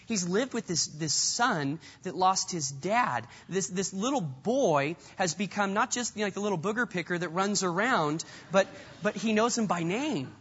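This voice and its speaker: A man's voice: sits high, lively intonation, moderate pace, few pauses, a bit bright, slightly rough, long reverb tail, lo-fi sound. A man preaching a sermon with an earnest style, often repeating words as he goes. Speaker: pastor.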